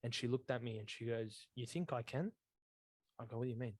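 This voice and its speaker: A man's voice: mid-range voice, brisk, darkish tone, no echo. Earnest man, dry close sound. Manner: earnest storytelling with slang. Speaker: podcast co-host. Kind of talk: casual faith chat.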